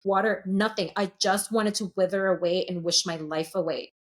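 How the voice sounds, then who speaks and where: A woman's voice: medium pitch, fairly even intonation, normal speed. A woman in her late thirties, a sound healer speaking as a podcast guest, telling her story openly and earnestly and swearing freely. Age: late 30s. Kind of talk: candid podcast conversation.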